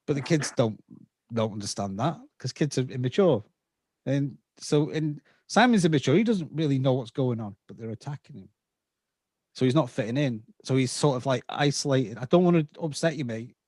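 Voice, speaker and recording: A man's voice: mid-range voice, animated, moderate pace, darkish tone, no echo, clean studio sound. A man in his fifties from England with a slight Scouse accent, a podcast guest explaining at length and checking in with his listener. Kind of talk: casual interview talk.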